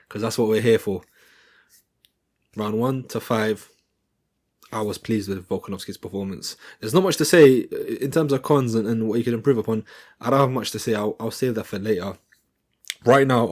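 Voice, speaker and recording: A young man recaps a fight in a loose, jokey, rambling way, full of slang. His voice is husky and sits a little low. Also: darkish tone. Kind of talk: casual fight commentary.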